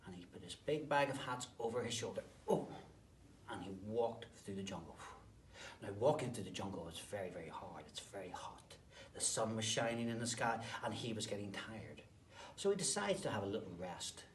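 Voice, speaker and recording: A man, a teacher, telling a story to children, swinging between whispered asides and sudden loud bursts. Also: fairly low pitch, expressive, moderate pace. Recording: roomy, distant mic, faint background noise.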